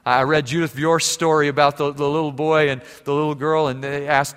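A middle-aged man preaching a sermon as pastor, telling stories with lively humor and ending in prayer. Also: a little high, fairly quick, hardly any pauses, smooth, in a large hall. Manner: storytelling, lively, warm humor.

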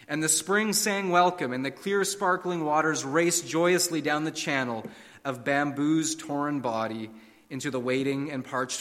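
A man's voice: fairly high pitch, a bit bright, big-room sound. A man preaching a sermon, telling stories and fables with a dramatic, varied delivery. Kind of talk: sermon with storytelling.

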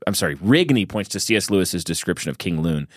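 A man's voice: low-pitched, lively intonation, quick pace, dry recording, studio quality. A man co-hosting a podcast, talking with enthusiasm and musing aloud, often restarting his sentences. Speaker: podcast co-host. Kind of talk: casual discussion.

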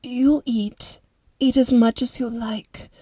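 A woman's voice: a little high, steady tone, slow pace, mellow, dry recording. A woman voicing a wealthy, formal older lady who talks in a precise, fretful way.

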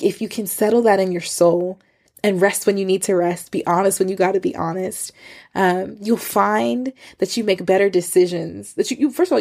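A woman's voice: lowish voice, warm tone. A woman in her thirties hosting a podcast, giving earnest, conversational faith encouragement with casual fillers. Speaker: podcast host.

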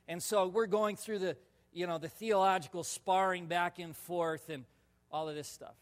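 A male pastor telling a personal story in a sermon, animated and laughing, with sudden loud shouts. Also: fairly high pitch. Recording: long reverb of a large hall.

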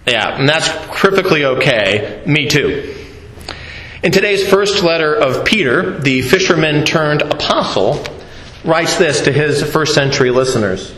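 Preacher, male, slightly high voice, storytelling sermon, echoey church hall. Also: fairly bright tone. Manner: storytelling, slow deliberate delivery, playful asides to congregation. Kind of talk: sermon with audience interaction.

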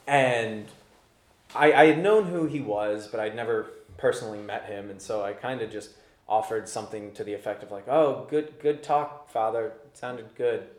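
A man giving a homily as a Catholic priest, speaking in a relaxed, conversational way with fillers and restarts. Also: on the low side. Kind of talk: homily mixing personal story and preaching. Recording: echoey room.

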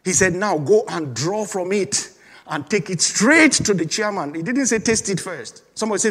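Emphatic preacher in a big reverberant hall. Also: male voice, high voice, lively intonation, normal speed, fairly bright tone. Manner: emphatic preaching with repeated calls and congregation prompts. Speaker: pastor. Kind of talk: sermon.

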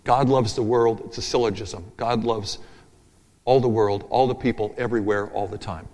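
A man's voice: on the low side, steady tone, moderate pace, a little mellow. A man preaching a sermon, emphatic and rhythmic, repeating key phrases and thinking aloud over his notes. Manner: talks through his notes aloud, with asides. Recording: long reverb of a large hall.

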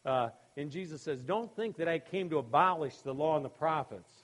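A man's voice: on the high side, expressive, a little fast, fairly bright tone. A man preaching a sermon in a conversational way, often asking "okay?" and acting out funny anecdotes. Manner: conversational, many "you know" and "okay?" asides; acts out quoted voices in humorous anecdotes, laughing. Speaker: pastor.

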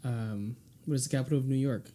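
Man hosting a quick-fire question game. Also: medium pitch, dark tone. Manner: laughs often, stumbles and restarts. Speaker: podcast host. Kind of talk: casual rapid-fire questions.

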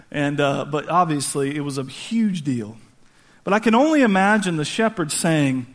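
A man's voice: a little high, expressive, moderate pace. A man preaching a sermon, telling the story animatedly, slipping into casual slang and acting out the voices of the people in it. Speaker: pastor.

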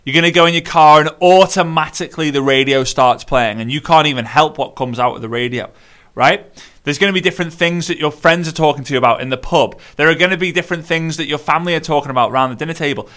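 Bright, energetic motivational male speaker. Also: on the high side, fast talker. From United Kingdom. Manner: energetic, repetitive, rallying, direct address to listeners. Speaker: network marketing business coach. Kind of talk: motivational monologue.

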